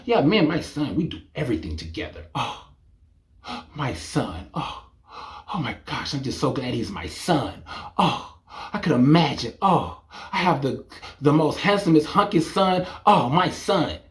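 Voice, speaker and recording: A man putting on the voice of a doting single mother who fawns over her grown son, in a soft, breathy murmur. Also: on the high side, big pitch swings, a little slow. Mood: swooning.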